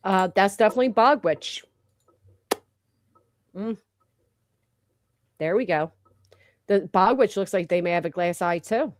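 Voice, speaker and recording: A woman's voice: mid-range voice, unhurried, long pauses, no room sound, studio quality. A woman co-hosting a casual gossip livestream, blunt and profane, reading viewer comments aloud. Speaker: livestream co-host.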